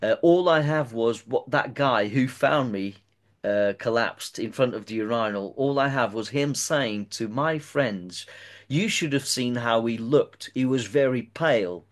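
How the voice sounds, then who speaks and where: A man's voice: medium pitch, a little slow. Hesitant man telling a personal story. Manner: hesitant, often repeats words and restarts. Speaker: interviewer. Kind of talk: recounting a personal story in an interview.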